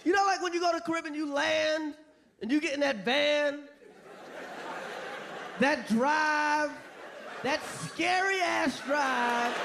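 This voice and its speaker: A man doing a stand-up routine on a club stage, profane and animated, shouting his punchlines over a laughing crowd. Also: extremely high pitch, vocal fry. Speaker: stand-up comedian. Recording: live crowd laughter and noise.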